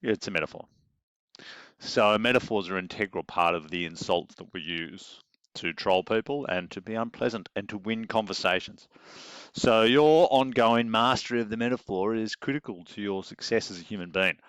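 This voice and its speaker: A man's voice: fairly low pitch, moderate pace, fairly bright tone, smooth, no echo. Wry Australian male English teacher. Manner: wry, joking, rhetorical asides. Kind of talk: classroom teaching. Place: classroom.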